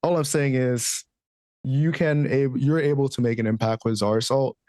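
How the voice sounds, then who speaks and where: A man's voice: medium pitch, steady tone, normal speed, a little mellow, dry recording. Male co-host, argumentative and explanatory, dry recording. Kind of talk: casual gaming podcast chat.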